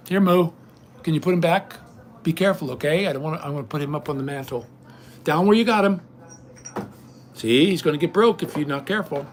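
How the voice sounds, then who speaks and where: Brief: middle-aged male vlogger, slightly high voice, indignant rambling rant, recorded at home. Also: a little hiss or hum. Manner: indignant, ranting. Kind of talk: casual rambling home vlog.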